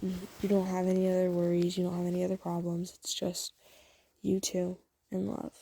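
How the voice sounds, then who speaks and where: A woman's voice: fairly low pitch, monotone, normal speed, gravelly, warm tone, a little hiss or hum, poor audio. A woman telling a romantic fan story to the listener in a chatty, rambling way full of fillers. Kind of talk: casual spoken fan story.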